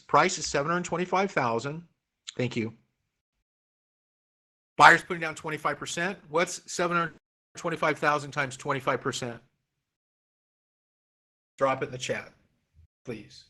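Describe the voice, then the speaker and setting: A man's voice: on the high side, a little slow, long pauses, sharp tone. A middle-aged man from Oregon teaching a real estate class online, coaxing students through the math with repeated, encouraging phrases.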